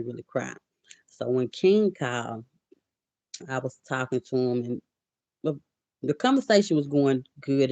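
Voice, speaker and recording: Low-voiced woman chatting on a livestream. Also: dry recording. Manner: chatty, greets viewers mid-story; emotional, softening to quiet. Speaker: livestream host. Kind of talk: casual livestream chat. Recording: dull lo-fi audio.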